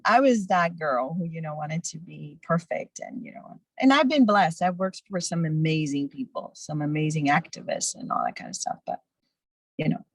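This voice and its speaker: A woman's voice: low voice, no echo, low-quality recording. A woman in her fifties, a guest speaker and nonprofit founder, giving earnest and encouraging interview answers over a video call. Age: 50s.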